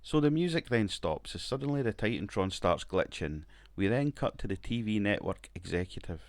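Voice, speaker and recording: A man's voice: lowish voice, normal speed, no room sound. A man casually commenting on his wrestling management game, rambling, swearing and laughing now and then. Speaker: gaming video creator.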